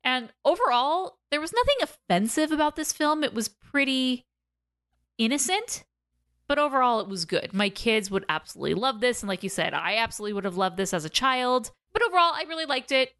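A woman in her thirties co-hosting a film podcast, chatting casually, animated and laughing often. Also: high voice, a little fast, clean tone. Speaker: podcast co-host, film reviewer. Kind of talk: casual film review chat.

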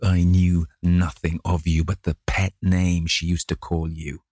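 A man reading an audiobook, voicing a gruff vengeful sailor who speaks in slow, growling threats. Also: low voice, little pitch movement, darkish tone, no room sound, studio quality. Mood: grim.

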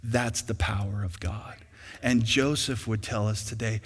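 A young man preaching a sermon as pastor in a church, emphatic and rising to loud peaks, with an easy storytelling manner. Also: lowish voice, steady tone, measured pace, slightly rough. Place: church sanctuary. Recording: long hall reverb.

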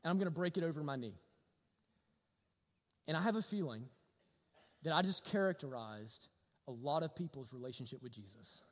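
Male pastor, animated sermon delivery, sharp tone, long hall reverb. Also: fairly high pitch. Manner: animated, swings from loud to hushed.

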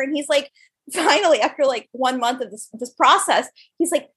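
High-pitched with lively intonation and a fairly bright tone, this young woman is a startup founder guesting on a podcast. In relaxed interview conversation she rattles off stories quickly, leaning heavily on "like" and other fillers.

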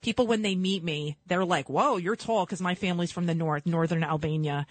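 A woman's voice: lowish voice, fairly even intonation, a little fast, no echo. A woman in her forties hosting a talk radio show, chatty and opinionated, rambling from one point to the next. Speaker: radio host. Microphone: studio mic.

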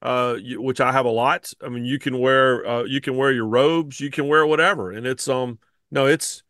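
A man's voice: medium pitch, fairly even intonation, normal speed, a bit bright, no room sound, studio quality. A man co-hosting a podcast in casual chat who often restarts and repeats words. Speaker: podcast co-host.

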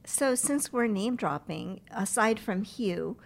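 A woman with a middle-pitched voice leads an interview. She asks clear questions and keeps the guest going with short prompts. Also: animated, slow. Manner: attentive, prompting, brief reactions.

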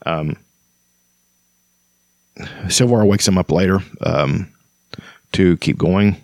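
A man's voice: sits low, slow, darkish tone, dry recording. A man hosting a casual book chat, rambling with restarts and reading passages aloud. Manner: rambling, many fillers and restarts, reads quotes aloud. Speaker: book discussion host. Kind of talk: casual chat about fantasy books.

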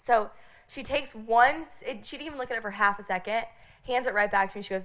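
A young woman from Nebraska telling a lively story on a podcast, laughing often and filling her talk with "like". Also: on the high side, fast talker. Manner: animated, giggly, lots of "like" fillers. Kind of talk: casual storytelling chat.

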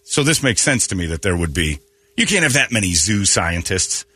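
Animated radio show host, bright voice. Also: male voice, sits low, normal speed, slightly rough, no echo. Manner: animated storyteller, slips into voices. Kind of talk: casual comedic banter. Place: radio studio.

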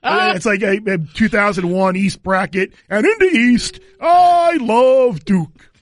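A man doing an impression of a loud, excitable older basketball announcer, shouting with a slow drawn-out delivery. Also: sits high, voice pushed up. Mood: gleeful.

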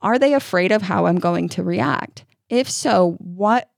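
A middle-aged woman co-hosting a parenting podcast, telling stories in casual chat with quick restarts. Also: lowish voice, gravelly, dry recording, studio quality. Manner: expressive storytelling with quick restarts.

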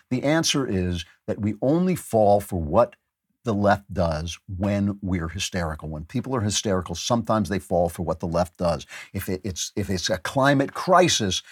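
Low husky guy ranting on politics, dry studio sound. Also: no echo. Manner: emphatic, sardonic, repeats phrases for stress. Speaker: podcast host. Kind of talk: political commentary.

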